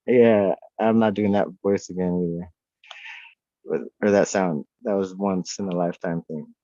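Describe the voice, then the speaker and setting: Profane, excitable male guest, slightly low voice, muffled remote-call audio. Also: normal speed, no echo. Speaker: podcast guest. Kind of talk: casual chat. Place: off-grid homestead at night.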